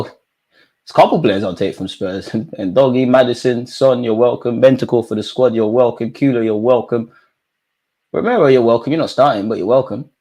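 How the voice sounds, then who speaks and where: A young man reacting live to a football match, talking to players and the referee, swinging between low mutters and high shouts. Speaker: football watchalong streamer.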